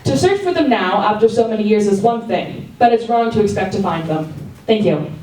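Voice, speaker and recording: A woman's voice: mid-range voice, animated, a little fast, background noise. A woman at an open mic reading a reflective personal essay aloud in a coffee house, now and then restarting a phrase. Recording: echoey room from far off.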